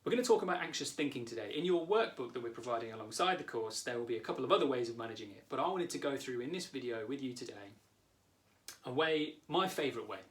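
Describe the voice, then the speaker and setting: A man in his thirties, a therapist and coach, calmly explaining a coaching lesson straight to the viewer. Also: mid-range voice, fast talker. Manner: calm, warm explaining, talks directly to the viewer.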